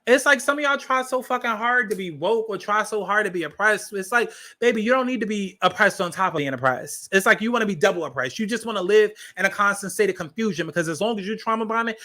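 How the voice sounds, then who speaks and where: A man's voice: high voice, pushed and bright. A man hosting a podcast, ranting heatedly, swearing a lot and repeating lines for emphasis. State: agitated. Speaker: podcast host.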